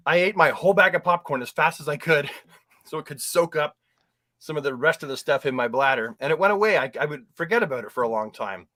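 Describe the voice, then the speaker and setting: A man's voice: a little high, quick pace, dry recording. A man hosting a podcast, telling comic stories in casual chat and swearing freely. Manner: animated storyteller, swears freely. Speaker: podcast host, movie reviewer.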